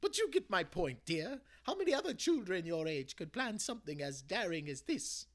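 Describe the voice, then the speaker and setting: A man voicing a warm, cheeky elderly grandmother in a storybook read-aloud, mostly in a high whisper. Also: very animated, moderate pace.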